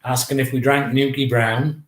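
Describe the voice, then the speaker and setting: A middle-aged man, telling a story at a mid pitch in a lively, casual way and acting out each bit of dialogue. His voice carries a roomy echo. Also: normal speed, slight background noise. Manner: lively, anecdotal, acts out dialogue. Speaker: guest, memoir author.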